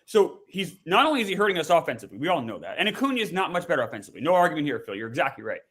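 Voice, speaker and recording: Fast, husky, animated high-voiced man. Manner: animated, agreeable, fast-talking. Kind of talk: casual sports banter.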